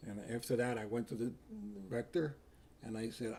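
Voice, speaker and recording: Gravelly, husky older man. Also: medium pitch, fairly even intonation, normal speed, a little mellow. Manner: plainspoken, reenacts the voices of others in his story. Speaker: interviewee recalling his years as a priest. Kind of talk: personal storytelling.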